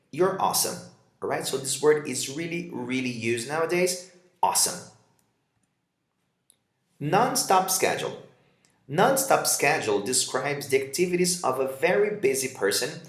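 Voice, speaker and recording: Animated male English teacher, roomy sound. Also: medium pitch. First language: Portuguese. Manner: reads example dialogues and explains them, switching to Portuguese for translations. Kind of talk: vocabulary lesson.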